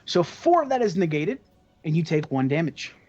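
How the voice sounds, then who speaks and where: A game master running a tabletop game, explaining rules and narrating in a relaxed way with many fillers. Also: medium pitch, normal speed, a little hiss or hum. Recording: dull lo-fi recording.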